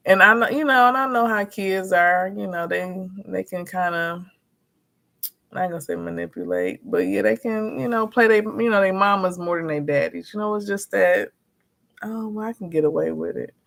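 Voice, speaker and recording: Gravelly-voiced woman telling a story. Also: medium pitch, moderate pace. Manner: animated, acts out quotes, frank and profane. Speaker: notary and vlogger. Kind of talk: casual storytelling chat.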